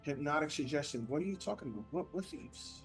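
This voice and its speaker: Slightly high-pitched man player. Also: animated, quick pace, soft background music. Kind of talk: casual tabletop play.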